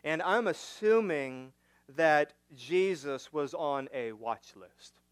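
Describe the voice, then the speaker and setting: A male pastor preaching a sermon, teaching through a passage with rhetorical questions, swinging from emphatic to hushed. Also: fairly high pitch, expressive, slow, clean tone, dry recording.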